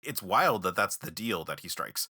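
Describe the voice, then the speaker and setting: A man's voice: low voice, sing-song, moderate pace, bright, forceful tone, dry recording, clean studio sound. A man hosting a casual podcast, talking enthusiastically and analytically with a few restarts. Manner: enthusiastic, analytical, a bit rambling. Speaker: podcast host. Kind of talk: casual chat.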